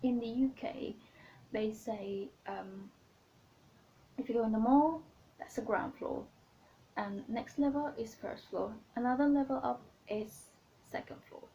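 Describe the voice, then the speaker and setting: A woman talks through a casual vlog, unscripted and chatty, often pausing on an um or restarting a word. Her voice sits a little high and sounds mellow and relaxed. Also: low-quality recording. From Philippines. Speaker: vlogger.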